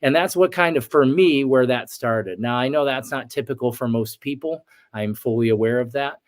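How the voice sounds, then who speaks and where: Man in his forties, interview guest; earnest, reflective storyteller, mid-pitched, reenacts moments. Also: moderate pace. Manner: earnest, reflective, acts out his own past outbursts. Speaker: shaman guest.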